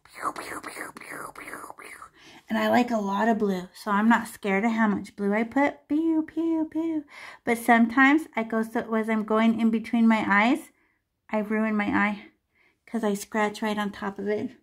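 A woman's voice: fairly high pitch, flat delivery, normal speed. A woman art teacher leading a live painting class over a video call, chatty and chanting repeated words as she paints.

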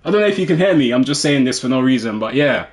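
Excitable man commenting on gameplay. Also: medium pitch, quick pace, faint music behind. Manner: excitable, trash-talking, with sudden drops to muttering. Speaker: gaming video host.

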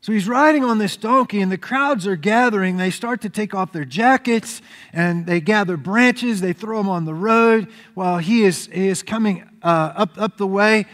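A man preaching a sermon as pastor, telling the story in an animated way. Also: high voice, normal speed. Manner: animated storytelling preacher, acts out crowd shouts. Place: church sanctuary. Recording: reverberant church hall.

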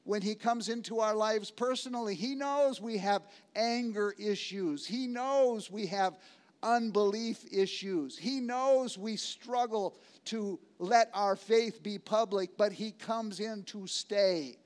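Pastor, male, high voice, emphatic repeating sermon delivery. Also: clean tone. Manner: slows for key words, swings between loud and hushed.

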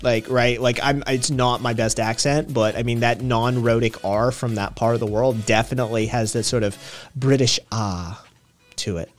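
A man's voice: mid-range voice, fairly even intonation, moderate pace. A man with a slight Tennessee accent chatting loosely on a live stream. He rambles, swears freely and laughs a lot. Faint music runs in the background. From Vermont and Tennessee. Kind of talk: casual live-stream chat.

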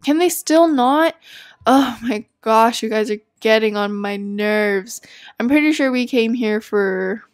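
A woman's voice: fairly high pitch, a little slow. A young woman giving casual gameplay commentary, chatty and easily exasperated, laughing often. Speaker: let's play gamer.

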